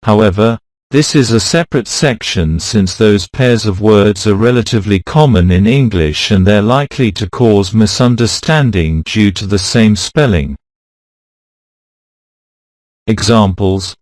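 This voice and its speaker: A man narrating a scripted pronunciation lesson, reading example words slowly and deliberately. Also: on the low side, darkish tone, dry recording. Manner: slow, deliberate, reads words out one by one. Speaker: pronunciation teacher.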